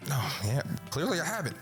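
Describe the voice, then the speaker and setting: Male comedy host, lively swooping delivery, slangy and stammering, music bed. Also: a little high, moderate pace. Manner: animated, stammering, laughing, heavy slang. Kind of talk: improvised comedy skit.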